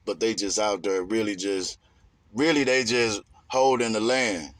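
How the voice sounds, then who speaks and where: A man's voice: fairly low pitch, fairly even intonation, a little slow, fairly bright tone, no room sound. A man giving a rambling, emphatic casual monologue in streetwise slang.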